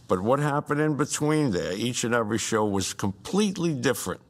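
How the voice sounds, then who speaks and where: A man's voice: mid-range voice, expressive, a little fast. A man giving a documentary interview, earnest and sometimes searching for words as he reminisces.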